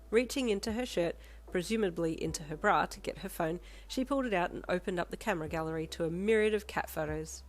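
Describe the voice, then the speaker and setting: A woman reading a fanfiction story aloud in second person, with calm, even storytelling. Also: deep voice, a little fast, soft background music. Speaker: fanfiction reader.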